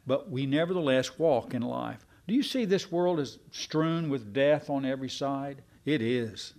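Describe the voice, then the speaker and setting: A man's voice: mid-range voice, expressive, measured pace, hardly any pauses, darkish tone. A man preaching a sermon, folksy and self-deprecating with his congregation. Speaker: pastor.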